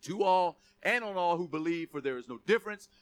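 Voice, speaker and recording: A man's voice: sits high, lively intonation, a little fast. A man preaching a sermon, conversational and then emphatic, calling on the church to repeat key words. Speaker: pastor.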